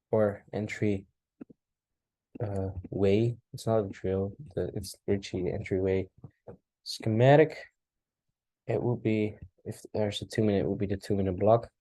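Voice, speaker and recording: A man casually talking through a chart recap, thinking aloud with relaxed asides. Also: fairly low pitch. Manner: relaxed, talks to himself while charting, asides and apologies. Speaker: trading recap host. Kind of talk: casual screen-share commentary.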